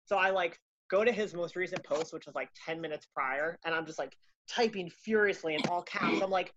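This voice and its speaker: A woman telling a casual anecdote in a profane, animated, self-mocking way. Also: lowish voice, fairly quick, dull audio, background noise. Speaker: storyteller.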